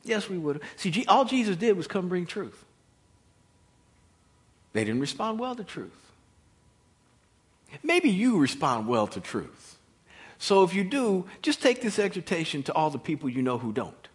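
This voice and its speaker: A man preaching a sermon, swinging from loud exhortation to hushed near-whispers and repeating words as he builds a point. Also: high voice, very animated, measured pace, long pauses. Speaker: pastor.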